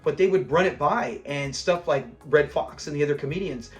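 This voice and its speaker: A man with a high-pitched voice talks through a classic sitcom episode in a loose, chatty way. He sounds enthusiastic and breaks into laughter as he recaps favourite moments, with faint music under him. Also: brisk. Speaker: show review host. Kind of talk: casual episode breakdown commentary.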